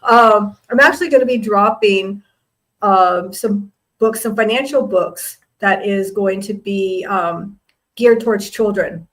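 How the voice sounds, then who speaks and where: A middle-aged woman hosting a live online interview over a video call. Her voice sits at a typical pitch, and her talk is chatty and gushing with praise. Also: unhurried, fairly bright tone, low-quality recording. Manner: effusive, full of praise, chatty. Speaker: host.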